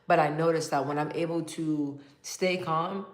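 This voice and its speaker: A woman hosting a casual livestream, reading viewer comments aloud and talking in a calm, even tone with lots of fillers and frequent laughs. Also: sits low, moderate pace, roomy sound. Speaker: livestream host.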